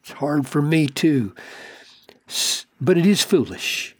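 Man doing a grieving older man, tender, pleading, husky, slow, dry close sound. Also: a little high, expressive, darkish tone, no echo, voice pushed up, exaggerated voice. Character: grieving older man gently correcting his wife.

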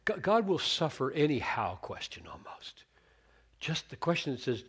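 A man's voice: mid-range voice, sing-song, moderate pace, fairly bright tone, breathy edge. A man preaching a sermon on a Bible passage, earnest, restarting words as he thinks aloud and acting out the quoted lines.

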